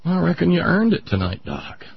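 A man hosting a radio talk show, animated, sarcastic and incredulous. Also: fairly high pitch, normal speed, gravelly, breathy edge, dry recording. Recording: muffled radio broadcast.

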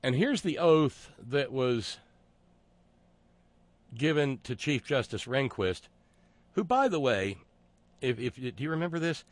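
A man's voice: mid-range voice, lively intonation, measured pace, pauses often, no echo. A man talking through a casual monologue, sarcastic and digressive, often stopping to restart his sentences.

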